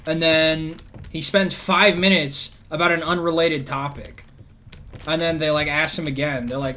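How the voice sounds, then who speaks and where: A man's voice: fairly high pitch, fairly even intonation, a little slow, pushed and bright, a little hiss or hum. A man ranting in a casual, rambling way, swearing often and full of sarcasm. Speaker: vlogger. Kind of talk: casual rant.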